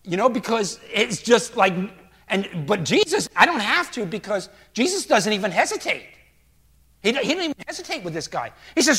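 An older male pastor preaching a sermon through a story, animated and acting out quotes as he goes. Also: high voice, normal speed, breathy edge.

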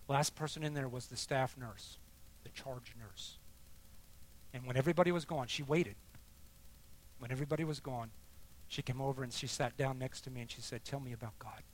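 Middle-aged man, sermon-style testimony, average pitch, emotional storytelling, quiet then loud emphatic bursts. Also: normal speed, pauses often, a little hiss or hum. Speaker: speaker sharing testimony.

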